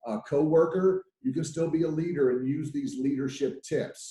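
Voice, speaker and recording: Guy running a training webinar, chatty and animated, warm mellow voice, bit of room echo. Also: medium pitch. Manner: lively and chatty, acts out quoted voices. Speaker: workplace trainer. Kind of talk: webinar presentation.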